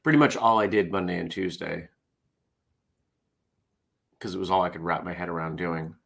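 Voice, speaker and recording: A man's voice: sits low, moderate pace, vocal fry, a bit bright. A tired man hosting a casual morning show, reading jokes aloud in a wry, self-deprecating way. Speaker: host.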